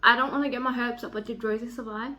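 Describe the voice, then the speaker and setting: A woman's voice: fairly high pitch, fairly even intonation, quick pace, pushed and bright. A young woman talking casually in a book vlog, emotional and rambling, swearing a lot. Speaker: book vlogger.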